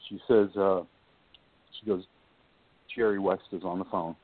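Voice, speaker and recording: Older male storyteller, former coach, low-ish voice that acts out every quote; dry, phone-quality audio. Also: a little slow. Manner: lively storyteller who acts out quoted dialogue. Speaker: former basketball shooting coach. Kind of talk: casual storytelling anecdote. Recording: tinny phone-like line, dry.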